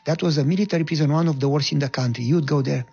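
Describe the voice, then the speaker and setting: A man with a Romanian accent giving an earnest personal testimony in a halting, storytelling way. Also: fairly high pitch, dark tone. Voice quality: gravelly, husky. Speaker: guest telling his life story. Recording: lo-fi dull recording.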